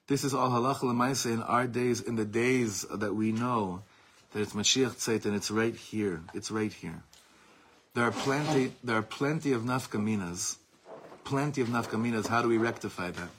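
Man with a husky voice teaching a religious class, passionate, repeats points for emphasis. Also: medium pitch, normal speed, fairly bright tone. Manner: reads Hebrew source, then explains it in English; impassioned, repeats words for emphasis. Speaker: Torah teacher.

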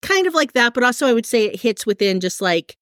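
A woman's voice: on the high side, very animated, fast talker, fairly bright tone, dry recording. Chatty American woman co-host, casual and hedging, dry close mic. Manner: chatty, hedging, many fillers. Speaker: podcast co-host. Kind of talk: casual chat.

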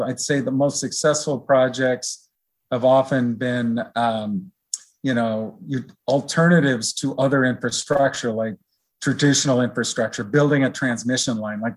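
A middle-aged man as an interview guest, explaining in a relaxed, rambling way with many fillers. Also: medium pitch, slightly rough. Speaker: research director guest. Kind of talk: conversational interview.

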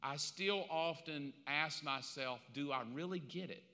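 Pastor in his fifties, slightly high voice with lots of bite, storytelling sermon in a reverberant hall. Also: measured pace. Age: 50s. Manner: animated storytelling with slangy asides. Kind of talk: casual conversational sermon. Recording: long reverb of a large hall.

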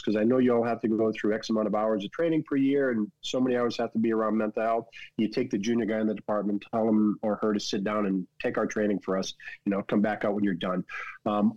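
A man's voice: lowish voice, dark tone, no room sound, dull audio. A man with a Boston accent, a podcast guest talking candidly and emphatically, often repeating words as he restarts sentences. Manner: earnest and emphatic, frequent word repeats and restarts. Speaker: podcast guest, foundation founder. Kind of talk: candid conversational interview.

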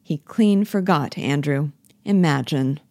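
A woman's voice: low-pitched, slow, a little mellow, no room sound. A woman reading the part of a bitter, jealous young wife who pleads with her lover and mocks her husband. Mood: sarcastic. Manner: reproachful, cutting, pleading. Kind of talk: play reading.

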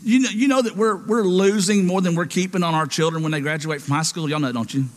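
A man's voice: high-pitched, fast talker, in a large hall. A man preaching a sermon, calling out to his congregation for responses in an emphatic, rousing way.

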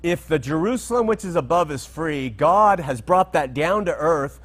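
Working through Bible verses without a script, a man with a somewhat high, slightly bright voice speaks in an animated way at a moderate pace. He drifts into asides and checks that his listeners are keeping up.

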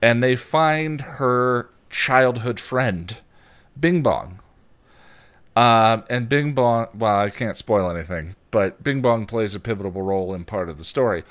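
A young man co-hosting a podcast, rambling through anecdotes in casual chat and sometimes jumping into a squeaky voice to play a toddler. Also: unhurried, fairly bright tone. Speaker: podcast co-host.

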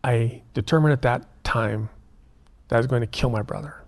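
A man, a prison minister and guest, telling a story in an earnest, animated way and acting out the dialogue. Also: medium pitch, moderate pace. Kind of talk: conversational storytelling.

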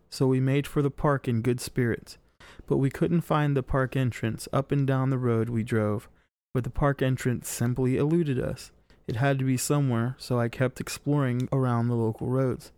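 A man's voice: medium pitch, darkish tone, smooth, no echo. A man hosting a podcast, reading a listener's story aloud in a casual way and laughing and swearing at it between sentences. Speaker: podcast host.

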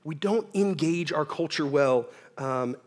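A man's voice: fairly high pitch, a little slow. A young man preaching a sermon in a church, casual and joking, often asking "right?". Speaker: pastor. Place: church hall with audience.

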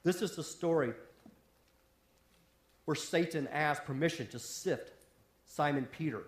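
A man preaching a sermon as a pastor, impassioned, swinging from raised intensity down to a near hush. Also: on the high side, a little slow. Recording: roomy echo.

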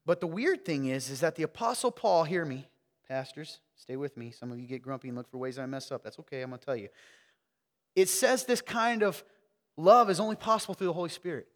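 A man from the South, preaching a sermon and quizzing his congregation, swinging between loud emphasis and hushed asides. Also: on the high side, brisk, in a large hall. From American South. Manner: energetic, questioning the crowd, wide swings from loud to hushed. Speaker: pastor. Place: church sanctuary.

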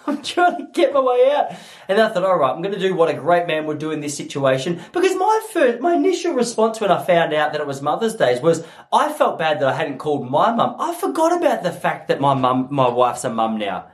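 A man's voice: a little high, very animated, a little fast. A young Australian man telling a funny story to his listeners, swearing freely as he goes. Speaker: podcast host. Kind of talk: comedic monologue to listeners.

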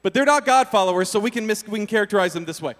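A man preaching a sermon as a lively story, energetic and full of casual slang. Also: sits high, rapid-fire. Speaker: pastor. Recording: long hall reverb.

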